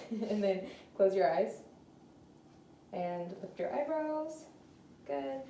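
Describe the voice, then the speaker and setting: A woman's voice: mid-range voice, gravelly, mellow. A woman talking through a clinical nerve exam in a hesitant way, with many fillers, in an echoey room. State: slightly out of breath. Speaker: student doing a clinical neuro exam. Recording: echoey room, faint noise.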